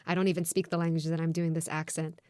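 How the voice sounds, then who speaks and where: Candid woman podcast co-host, low voice. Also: little pitch movement, a little mellow, no room sound, studio quality. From raised outside Australia, Japanese father. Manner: candid and reflective, quick asides with laughs. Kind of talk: casual chat.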